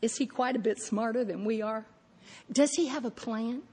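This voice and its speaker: A woman's voice: a little high, moderate pace, darkish tone, breathy edge, big-room sound. A woman preaching a sermon, telling stories animatedly and acting out her own thoughts.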